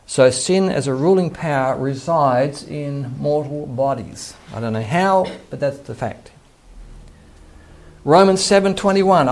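A man's voice: medium pitch, darkish tone, slight background noise. An older man, a pastor earnestly teaching a sermon and quoting scripture. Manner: earnest preaching, quotes scripture, chuckles to himself.

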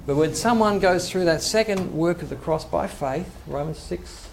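A man's voice: sits high, normal speed, vocal fry. A male pastor giving a conversational sermon, acting out quoted voices, with faint background noise.

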